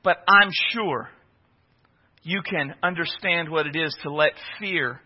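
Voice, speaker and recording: A man preaching a sermon, telling a personal story in an animated way and often repeating words. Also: fairly high pitch, slow pace, slightly rough. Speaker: pastor. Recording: dull lo-fi recording.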